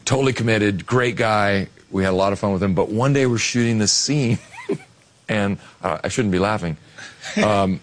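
Man telling a lively anecdote. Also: on the low side, moderate pace. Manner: animated storyteller, acts out quotes.

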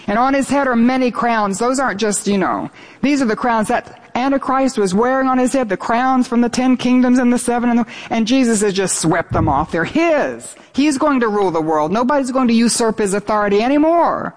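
A woman's voice: fairly high pitch, a little fast. An older woman delivers a sermon in an earnest, emphatic manner. She reads scripture aloud and lets her intensity rise as she presses each point. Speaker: Bible teacher.

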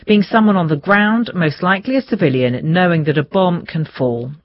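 A woman presenting the radio news in a measured, formal way. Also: on the low side. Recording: dull lo-fi broadcast audio.

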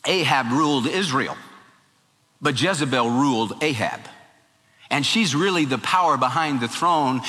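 Bright-voiced folksy male preacher. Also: a little high, big-room sound. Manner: storytelling, folksy and animated. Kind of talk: sermon.

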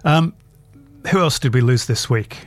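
A man's voice: medium pitch, measured pace, no room sound, soft background music. A man hosting a radio show, chatting casually and telling long, rambling anecdotes in a studio.

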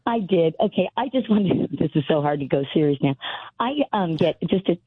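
A woman's voice: lowish voice, animated, fairly quick, slightly rough, no room sound. A woman in her fifties calling a radio show. She is out of breath and rambles, often restarting her sentences. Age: 50s. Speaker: caller. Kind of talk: call-in radio chat. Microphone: phone. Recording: tinny dry phone line.

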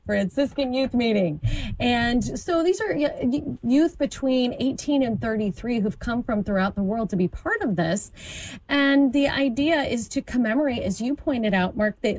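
A woman's voice: medium pitch, darkish tone, no room sound, rough recording. A woman commentator on a talk program, explaining events with enthusiasm and an occasional stumble. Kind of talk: informative conversational talk.

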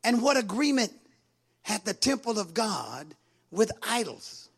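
A man preaching a sermon in an animated way, calling out to the congregation. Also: sits high, a little slow, creaky, breathy edge.

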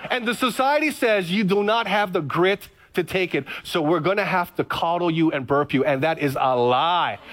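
Pastor guy, high voice, chatty storytelling sermon, repeats himself a lot. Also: normal speed, hardly any pauses, a bit bright, a faint crowd. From Hawaii. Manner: storytelling, conversational with repetitions. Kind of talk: sermon on radio.

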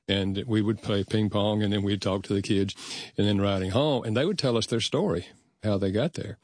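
A man's voice: fairly low pitch, no echo, clean studio sound. An older man, a guest, telling personal stories in an earnest, reflective way and acting out past conversations. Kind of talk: personal storytelling.

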